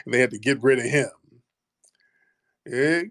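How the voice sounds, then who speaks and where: A male host of a call-in show, blunt and confrontational. He lectures his listeners and presses callers hard. His voice sits at an ordinary pitch, recorded dry and close. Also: slow pace, fairly bright tone, no room sound. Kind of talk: heated casual talk.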